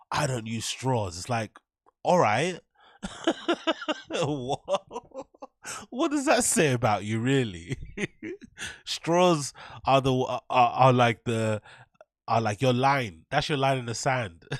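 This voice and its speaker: A man's voice: mid-range voice, no room sound, studio quality. A man hosting a commentary show, ranting and mocking clips with heavy profanity and filler words. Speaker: host.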